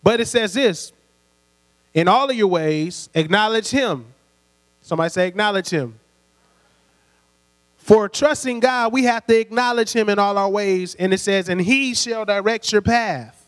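A man's voice: high voice, unhurried, long pauses, fairly bright tone. A man preaching a sermon in a church hall, talking conversationally, laughing lightly between points and prompting the congregation to answer back. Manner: call-and-response, prompting the congregation. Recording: long hall reverb with mains hum.

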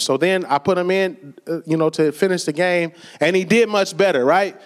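The pastor talks in a high voice at a moderate pace with few pauses. He preaches in a conversational way, storytelling, voicing other people's words and laughing from time to time.

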